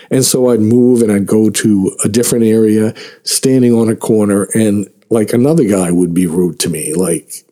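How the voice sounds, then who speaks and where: A man tells a personal story in a relaxed, self-mocking way, chuckling between lines. His voice sits fairly low and sounds warm and mellow rather than bright. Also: moderate pace.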